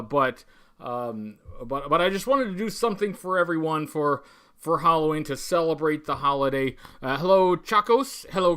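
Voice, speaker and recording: A man's voice: high voice, bright, forceful tone. A man hosting a live stream, chatting casually and greeting viewers by name, with lots of ums and restarts. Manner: halting, many fillers and restarts. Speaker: toy collecting channel host. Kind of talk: casual livestream chat.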